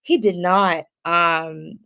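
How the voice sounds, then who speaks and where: A woman's voice: on the low side, fairly even intonation, drawn-out words, gravelly, pushed and bright, dull audio. A woman chatting casually on a podcast, rambling through lots of fillers and laughing often. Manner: giggly, rambling with many fillers. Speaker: podcast co-host. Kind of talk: casual chat.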